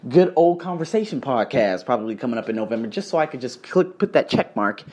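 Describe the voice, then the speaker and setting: Male podcast host, casual storyteller; swings widely in pitch, rants with lots of swearing. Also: quick pace. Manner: animated, profane and ranting.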